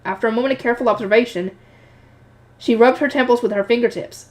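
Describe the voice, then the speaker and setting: Higher-voiced woman reading a novel aloud, casual, self-correcting. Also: quick pace. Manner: casual reading, corrects her own slips. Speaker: reader.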